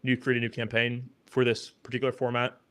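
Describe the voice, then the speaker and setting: A man co-hosting a podcast, explaining things in a relaxed, matter-of-fact way. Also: medium pitch, a little fast, clean tone, dry recording. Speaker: podcast co-host. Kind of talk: casual explaining.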